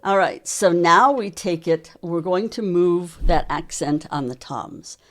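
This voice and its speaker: A woman teaching a drum lesson, calmly explaining sticking patterns and counting beats aloud from behind her kit. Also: lowish voice, unhurried. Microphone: mic worn while playing kit. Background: drum kit playing.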